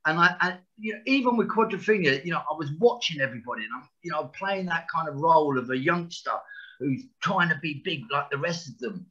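A frank man in his sixties, talking with a tense, forceful edge in a slightly high voice. He speaks bluntly, swears freely and trips into restarts, and the audio sounds dull and lo-fi. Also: lively intonation, a little fast, slightly rough. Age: 60s. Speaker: actor guest. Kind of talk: candid podcast interview.

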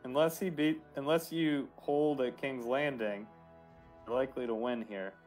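A man chatting as a fellow player in a board game, calm and matter-of-fact in a mid-range voice. His voice sounds distant, as if heard through a voice-chat call. He gives short, dry comments on the game. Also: mid-range voice, moderate pace, soft background music.

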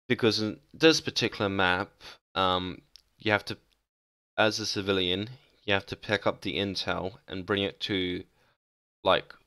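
A man's voice: low voice, a bit bright, clear, resonant tone, no room sound, clean studio sound. A young man talking casually and hesitantly about game maps, with many ums and restarts. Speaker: gaming video creator. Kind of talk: casual game map ranking commentary.

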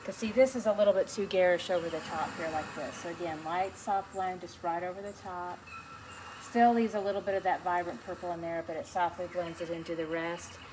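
A woman's voice: on the low side, fairly even intonation, fairly quick. A woman teaching a beginners' painting class, chatty and encouraging as she talks through each brushstroke. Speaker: painting instructor. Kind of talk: relaxed step-by-step painting tutorial. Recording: noticeable background noise.

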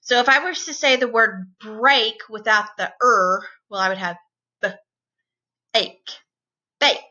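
A woman teacher leading a phonics lesson for young children, sounding out words slowly and clearly and praising each answer. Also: on the high side, bright, forceful tone, highs cut off. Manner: slow, clearly segmented sounds, encouraging. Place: home, distance learning.

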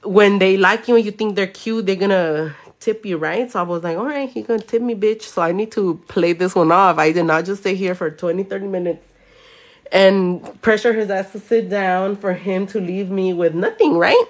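A woman nail artist, telling a story casually while she does nails at home, animated, swearing freely and slipping into Spanish. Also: mid-range voice, moderate pace. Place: home room.

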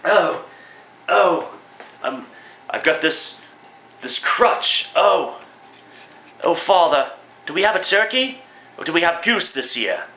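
A man's voice: fairly high pitch, lively intonation, slow, long pauses, sharp tone, full character voice. A man voicing a whiny, pleading oversized boy with a crutch. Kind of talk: one-man comedic radio play. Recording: roomy echo, distant mic.

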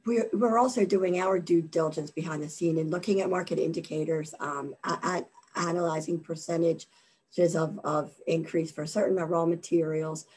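Woman, webinar presenter, husky and low, voice worn down by allergies, hesitant delivery. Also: warm tone. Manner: halting, many fillers and repeated words. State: losing her voice from allergies. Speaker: government contracting presenter.

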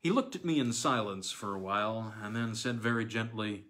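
A man narrating a classic novella in the first person, with a measured, theatrical reading. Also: lowish voice, fairly bright tone. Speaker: audiobook reader.

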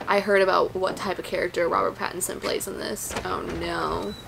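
A woman giving casual, excitable reaction commentary on a movie, gasping and chatting with plenty of fillers. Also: fairly low pitch, moderate pace, gravelly, background noise.

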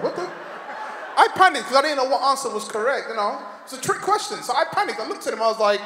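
A man's voice: very high-pitched, very animated, racing, a bit bright, slight background noise. A man performing a stand-up comedy set, telling stories with laughter and putting on voices. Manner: storytelling with laughs and put-on voices. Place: large hall on stage. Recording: echoey hall with long reverb.

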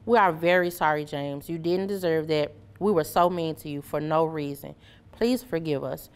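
A woman's voice: deep voice, moderate pace, clear, resonant tone. Woman reading as an apologetic young schoolboy. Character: young schoolboy bully, now ashamed and apologetic.

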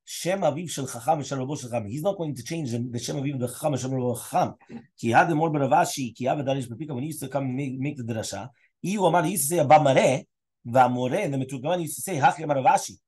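A man teaching Talmud as a rabbi, speaking quickly at an average pitch. He explains the text line by line, mixes Hebrew and Aramaic terms into his English, and stops to quiz his students. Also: a little mellow, slightly rough. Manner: asks students questions. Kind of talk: Daf Yomi Talmud class.

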